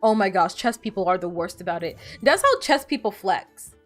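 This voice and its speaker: A woman's voice: medium pitch, animated, moderate pace, soft background music. A woman streamer chatting casually while playing a game, rambling and laughing often. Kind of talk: casual gaming stream chat.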